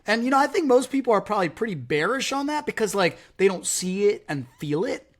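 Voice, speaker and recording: Animated male podcast host. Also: high-pitched, fast. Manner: animated, heavy use of "like" and "right?". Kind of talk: casual podcast chat.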